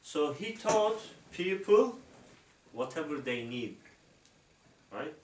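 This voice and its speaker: Male instructor, slightly raised pitch, halting filler-heavy explainer, distant echoey recording. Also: big pitch swings, slight background noise. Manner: halting, filler-heavy, keeps checking with "okay?". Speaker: Islamic instructor. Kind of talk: explaining to an interviewer. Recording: roomy, distant mic.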